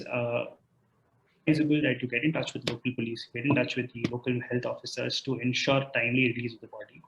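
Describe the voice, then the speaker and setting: A man's voice: mid-range voice, gravelly, a bit bright, a little hiss or hum. A man acting as a legal expert, explaining citizens' rights in a live online Q&A, hesitant with frequent restarts and fillers. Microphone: video call. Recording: roomy, muffled video call audio.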